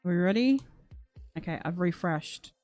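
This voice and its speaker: This true crime host is a woman whose mellow, lowish voice carries lively intonation at an ordinary pace over faint music. In casual stream commentary she reacts to the chat and reads comments, turning emotional with gasps and near tears.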